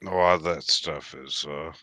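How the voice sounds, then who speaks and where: A man's voice: rumbling low, steady tone, normal speed, sharp tone, no room sound. A man in a casual late-night chat, talking loosely, swearing and telling stories with animation.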